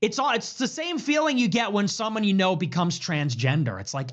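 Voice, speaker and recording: A man in a rambling, profane political rant, sarcastic and trailing off into low asides, from a replayed video. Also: lively intonation, fairly quick, muffled recording. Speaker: political commentator. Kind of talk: rambling ranting commentary.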